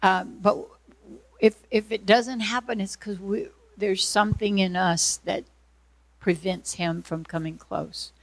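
A woman from Georgia leads a teaching session, working through a manual and illustrating points with stories. Her mid-pitched voice carries a gravelly edge, and she slips into other people's voices as she tells them. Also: unhurried, dry recording. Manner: animated storyteller, acts out voices in anecdotes. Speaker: prayer ministry teacher.

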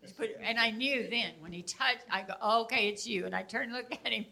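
An older woman with a bright, forward voice teaches casually. She tells stories from her own life, animated and quick to laugh. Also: a little high, vocal fry. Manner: animated storyteller, laughs often.

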